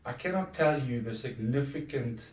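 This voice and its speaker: A middle-aged man talks through his story on a podcast in a reflective, earnest way, often restarting his sentences. His voice sits at an ordinary pitch. The room is echoey and he sounds a bit away from the microphone. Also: expressive, normal speed. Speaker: podcast guest. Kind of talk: casual conversation. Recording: echoey room, distant from mic.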